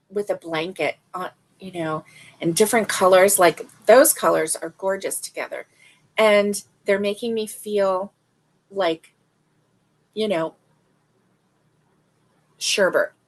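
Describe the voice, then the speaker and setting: A woman hosting a casual crochet livestream, reading stitch descriptions aloud and reacting with delight. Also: mid-range voice.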